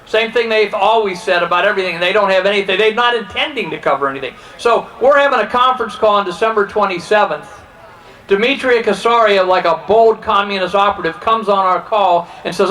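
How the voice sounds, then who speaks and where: A man's voice: high voice, a little fast, fairly bright tone, poor audio. A man from Ohio giving an impassioned political speech, heated, acting out the conversations he quotes. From Ohio, USA. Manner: heated, acts out quoted exchanges. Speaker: political speaker.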